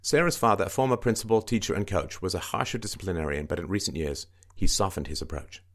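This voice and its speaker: A man with a very low voice talks through a news article, reading passages and stopping to comment. He is emphatic and keeps repeating his key points. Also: quick pace. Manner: emphatic, repetitive, swings into mocking higher-pitched quoting.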